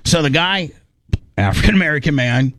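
A man's voice: on the high side, expressive, brisk, a bit bright, no room sound, studio quality. A man casually telling a long, rambling story, with restarts and lots of fillers.

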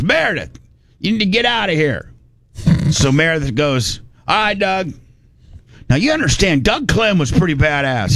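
A man's voice: on the high side, a bit bright, dry recording. A man from Indiana telling a rambling, folksy story in casual chat, slipping into voices for the people he quotes.

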